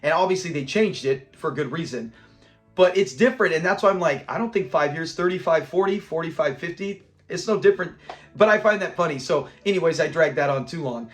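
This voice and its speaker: Man, host, casual episode review, high voice, animated retelling, laughs a lot, faint music behind. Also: brisk. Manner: animated retelling, laughs often and quotes characters.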